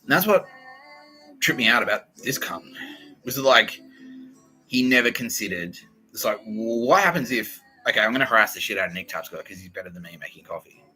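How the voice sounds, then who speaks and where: A man's voice: fairly low pitch, very animated, a little fast, pushed and bright, faint music behind, poor audio. A young Australian man hosting a podcast, telling a heated, profane story in a rambling casual monologue. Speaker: podcast host.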